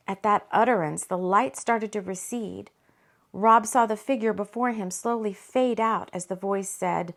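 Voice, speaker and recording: A woman, the author, narrating her novel in an expressive, dramatic audiobook reading. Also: medium pitch, normal speed.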